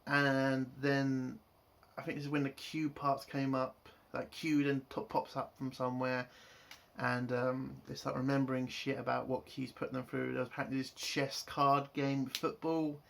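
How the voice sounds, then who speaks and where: A man's voice: mid-range voice, level tone, moderate pace, gravelly. A man giving a casual episode review, frustrated and swearing, building into exasperated outbursts. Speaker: show reviewer.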